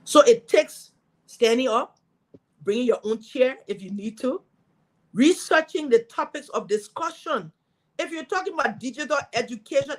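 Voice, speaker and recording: A middle-aged woman from Liberia speaking, a guest in an interview telling her story as a former senator with lively, preaching energy. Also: a little high, poor audio. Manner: animated, preaching storytelling with acted quotes.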